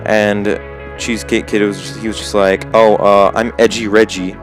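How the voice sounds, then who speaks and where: Teen boy, lowish voice, rambly storytelling, faint music under it. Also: flat delivery, normal speed. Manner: rambling, full of "like" and "um". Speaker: gaming channel host. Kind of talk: casual storytelling to camera.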